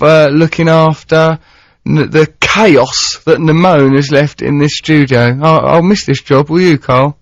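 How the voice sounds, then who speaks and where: A man's voice: a little high, measured pace, no room sound. Man hosting a lo-fi radio show. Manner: rambling, playful, reads listener texts aloud. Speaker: radio host. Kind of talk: casual radio chat. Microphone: studio microphone. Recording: dull lo-fi radio broadcast.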